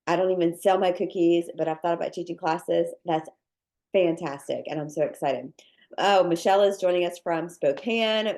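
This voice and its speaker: A woman hosts a live cookie-class webinar over a video call, her slightly low voice thick and nasal from a cold. She chats casually, repeating her welcomes with plenty of ums and likes. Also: warm tone. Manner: upbeat, repeats welcomes, many fillers. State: congested with sinus drainage. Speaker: cookie decorating teacher hosting a live class.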